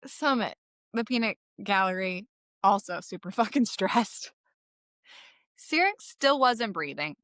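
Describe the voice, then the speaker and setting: In a dry recording, a woman with a mid-range, fairly bright voice speaks at a measured pace, animated throughout. She co-hosts a podcast recap of a comic chapter, irreverent and profane, frequently laughing through tears while on the verge of crying.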